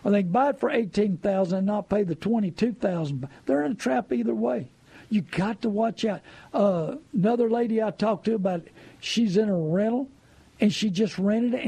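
A man's voice: high voice, normal speed, creaky, warm tone, slightly rough, no echo. A man giving folksy, preachy money advice, full of rhetorical questions. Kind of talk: casual advice talk.

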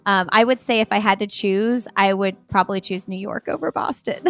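A woman's voice: medium pitch, normal speed. A woman guest on a podcast, chatting casually and laughing often, with many fillers. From United States. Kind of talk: casual interview chat.

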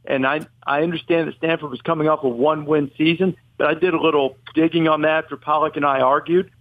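A fast-talking man with a slightly high, steady voice argues college football as a podcast guest. He's opinionated and rambling, often correcting himself mid-point. The audio is dry and has a tinny, phone-like quality.

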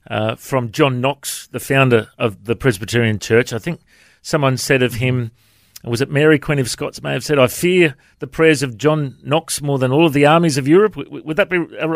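A man, a pastor, hosting an interview and asking friendly, halting questions. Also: medium pitch, no echo, clean studio sound. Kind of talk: casual interview.

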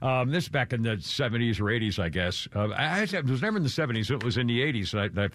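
A man's voice: medium pitch, lively intonation, quick pace, fairly bright tone, dry recording. An older man hosts talk radio, his voice rising and falling a lot as he rambles and restarts his sentences. The studio mic is close and dry. It sounds like easy, loose on-air chat. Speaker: radio show host. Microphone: studio microphone.

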